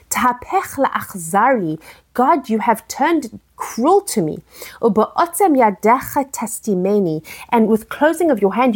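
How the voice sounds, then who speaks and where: A woman with a mid-range voice teaches a text study lesson. She reads each verse aloud, then explains it earnestly. She pauses on fillers and restarts her sentences often. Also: medium pitch.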